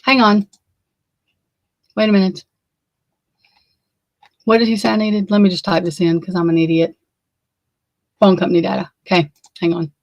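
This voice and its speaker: A woman's voice: lowish voice, flat delivery, moderate pace, pauses often, a little mellow, dry recording, muffled recording. A woman hosting a casual livestream, flustered and rambling, swearing freely as she talks to her viewers. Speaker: livestream host.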